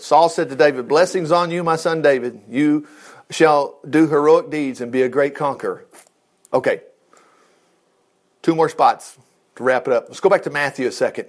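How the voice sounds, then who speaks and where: Male preacher, sermon delivery, reads scripture with jokey asides, pitch sits a bit high. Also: unhurried, pauses often. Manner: animated, jokey asides between reading passages. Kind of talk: sermon reading and commenting on scripture.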